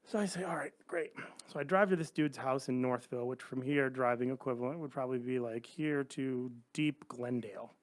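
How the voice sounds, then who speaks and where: A middle-aged man on a podcast, casually telling an animated story and acting out the other people's lines. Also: medium pitch, brisk. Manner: animated anecdotes, acts out quoted voices. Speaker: podcast guest.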